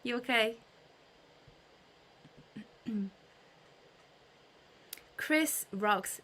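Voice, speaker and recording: A woman hosts a casual livestream and chats with viewers, greeting them by name as they arrive. Her voice sits at a middle pitch, and her talk is loose and friendly, full of fillers and restarts. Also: measured pace, a bit bright. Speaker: livestream host.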